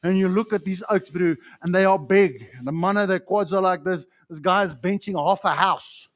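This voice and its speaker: A man with a New Zealand accent preaching a sermon in a church, fiery and excitable, swinging from shouts to hushed tones and calling listeners bro. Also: high voice, moderate pace. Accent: New Zealand English. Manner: casual slang, calls listeners bro and man. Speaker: pastor. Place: church hall.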